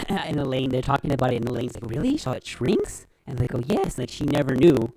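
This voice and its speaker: Guy on a podcast, super animated, swears a lot, dry close mic. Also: medium pitch, a little fast, creaky, no echo. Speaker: podcast host. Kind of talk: crude casual chat.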